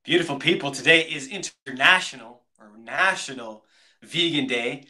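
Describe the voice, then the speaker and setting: A man's voice: a little high, normal speed, bright, forceful tone. A man co-hosting a casual podcast, upbeat and enthusiastic, talking straight to his listeners. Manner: upbeat, enthusiastic, addresses listeners as "beautiful people". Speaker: podcast co-host.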